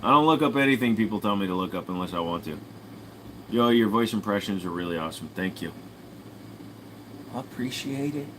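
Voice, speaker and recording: A man's voice: deep voice, quick pace, background noise. A sleepy young man streaming, rambling through crude jokes in a casual late-night chat.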